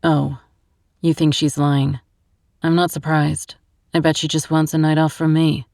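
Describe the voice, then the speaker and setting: Lady doing a confused sweet young guy in an audiobook, lower and kinda glum. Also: flat delivery, unhurried, gravelly, a little mellow, no echo, clean studio sound. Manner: puzzled, self-doubting. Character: earnest bewildered young man.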